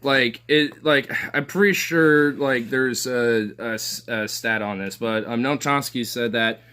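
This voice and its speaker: A man's voice: mid-range voice, a little slow, sharp tone, clear, resonant tone. Guy ranting about politics on stream, swears a ton, says like every other word, sarcastic and scoffing. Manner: profane, rambling, heavy filler words.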